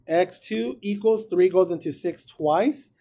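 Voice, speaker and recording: A man's voice: sits high, unhurried, warm tone. A man teaching a math class, casual and encouraging, talking through each step aloud. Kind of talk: classroom lecture.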